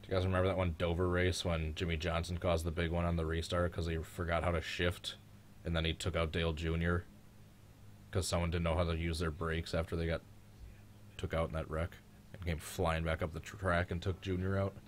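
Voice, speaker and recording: This man's deep voice comes out completely flat and a little fast, with a bit of hiss or hum on the recording. Sick and congested, voice cracking, he hosts a casual live race reaction with friends, rambling and teasing about old races.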